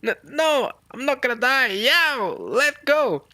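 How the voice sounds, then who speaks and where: Brief: man voicing hurt young male hero, high strained yelps, dry sound. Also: very animated, slow pace, sharp tone, dry recording, exaggerated voice. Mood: pained yelping. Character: young man yelping in pain, whiny.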